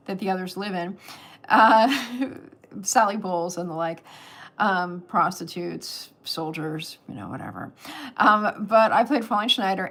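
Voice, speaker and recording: A woman's voice: mid-range voice, a bit bright. An older woman from California hosting a casual livestream, chatting in a rambling way and laughing often, into a webcam. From California, USA. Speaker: host of a livestream.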